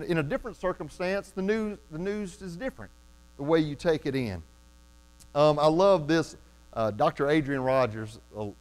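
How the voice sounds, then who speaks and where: Emphatic conversational male preacher. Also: medium pitch. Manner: calls out for amens from the congregation. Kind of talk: sermon.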